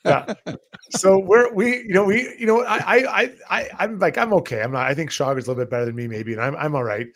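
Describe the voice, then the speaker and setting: A man's voice: sits high, fast. A man co-hosting a sports show, telling stories in casual chat, laughing often and tripping over his words. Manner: animated storyteller, laughing often. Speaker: co-host.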